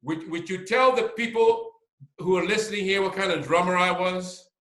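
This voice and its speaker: A man hosting a casual video-call interview, teasing his guest with drawn-out either-or questions in an excitable manner. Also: high-pitched, roomy sound. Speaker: channel host.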